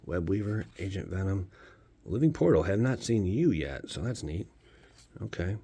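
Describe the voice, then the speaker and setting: A man with a low voice opens trading card packs and chats to his viewers in a loose, jokey way. His pitch swings widely as he riffs and throws in goofy outbursts between rambling asides. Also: big pitch swings, normal speed, warm tone, breathy edge. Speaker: card-opening YouTuber. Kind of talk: casual pack-opening commentary.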